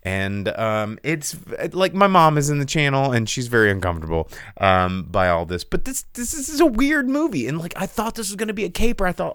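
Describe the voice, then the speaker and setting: A man hosting a casual podcast, reviewing a film in a rambling, animated way with crude jokes and many restarts. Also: on the high side, fairly quick, hardly any pauses, smooth, dry recording, studio quality. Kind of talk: casual chat. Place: studio.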